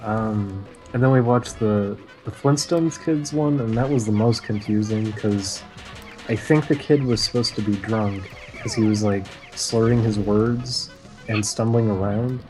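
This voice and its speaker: A man co-hosting a casual podcast, recapping cartoon plots in a sarcastic, deadpan way. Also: fairly low pitch, a little slow, faint music behind, poor audio. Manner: sarcastic, deadpan recounting of plot. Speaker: podcast co-host.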